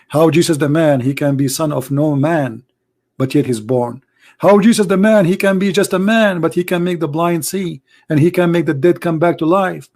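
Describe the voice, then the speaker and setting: A man with a hoarse voice who debates religion in a sarcastic, mocking way in an online commentary video. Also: fairly high pitch, a little mellow.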